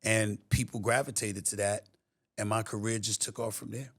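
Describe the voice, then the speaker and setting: Gravelly New York man telling it straight. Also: lowish voice, steady tone, normal speed, no echo, clean studio sound. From New York City. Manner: emphatic streetwise storytelling. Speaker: guest. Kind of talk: casual interview talk.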